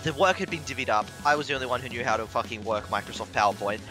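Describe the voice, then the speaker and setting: A man telling a long personal story in casual chat, animated, swearing and laughing as he goes. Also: medium pitch, rapid-fire, music in the background. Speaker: stream commentator.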